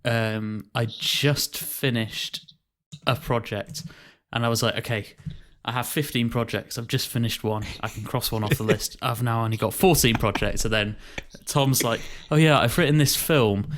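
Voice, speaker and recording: A man's voice: medium pitch, fairly even intonation, moderate pace, a bit bright. Guy hosting a chill podcast with mates, laughs a lot, swears a bit, normal mid voice. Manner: laughs often, swears casually. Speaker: podcast host and editor. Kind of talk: casual chat among friends.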